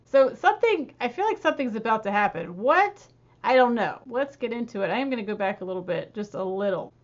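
A woman reacting to a rock song in casual, excited commentary, gushing and laughing as she talks. Her voice sits a little high, and the audio is slightly dull and lo-fi. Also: fairly quick. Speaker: music reaction host.

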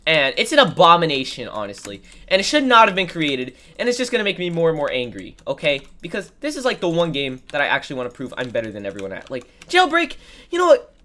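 A woman's voice: deep voice, a bit bright. A woman giving sarcastic, dramatic gameplay commentary while sick, her voice nasal and congested. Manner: sarcastic, exclaiming, dramatic mock complaints. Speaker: gaming video creator.

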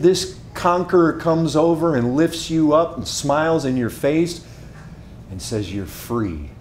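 Preacher painting a vivid story. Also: male voice, a little high, echoey room, slight background noise. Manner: vivid storytelling, swings from loud to hushed. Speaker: pastor. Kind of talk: sermon. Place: church sanctuary.

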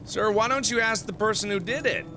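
A man's voice: high-pitched, brisk, over music, pitched above the performer's own voice, lightly acted. A man voicing a curious, polite ten-year-old girl in a game, asking earnest questions. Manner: earnest, questioning, addresses others as sir.

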